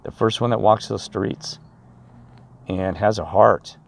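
Man, low voice, rambling preachy street rant, filmed outdoors. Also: takes it slowly, gravelly. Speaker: vlogger.

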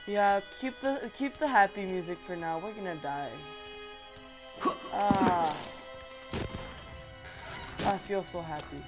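Woman let's-player, slow-paced and excitable, over loud game music. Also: mid-range voice, rough recording. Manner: excitable, exclaims and repeats herself. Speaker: gamer. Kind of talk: let's play commentary.

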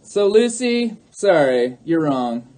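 A man's voice: on the high side, big pitch swings, slow pace, darkish tone. A man on a livestream who talks to his chat, arguing in a mocking, sarcastic way and repeating his points. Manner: argumentative, repeats himself. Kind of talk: livestream talk answering chat.

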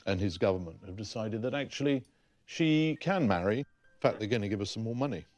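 A man's voice: on the low side, expressive, brisk, a little mellow, dry recording, faint music behind. A man explaining historical documents in an emphatic, explanatory way.

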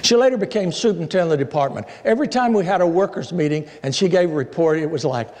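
A male pastor preaching a sermon in a church, telling stories in a folksy, animated way. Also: a little high, fast. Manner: storytelling, folksy, animated asides. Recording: echoey church hall.

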